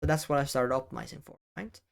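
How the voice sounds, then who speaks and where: A man in a talking-head video addresses the camera at a middle pitch. He speaks deliberately, pausing often and leaning hard on important words. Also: vocal fry. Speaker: educational video creator. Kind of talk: talking-head advice vlog. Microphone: camera-facing setup.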